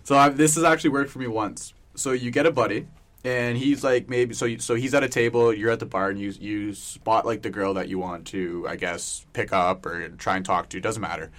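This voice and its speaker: A man's voice: fairly low pitch, fairly even intonation, brisk, fairly bright tone. Young man telling rambling stories. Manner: rambling storyteller, laughs often. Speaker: podcast co-host. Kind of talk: casual chat.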